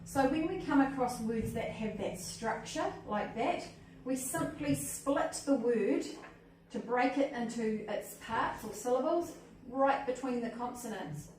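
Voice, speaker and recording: Her voice sits a bit high and a little mellow, and she moves at a measured pace while leading the hands-on workshop as a literacy trainer. Upbeat, she keeps asking "okay?" and "cool?", captured from a distant mic in an echoey room with faint noise.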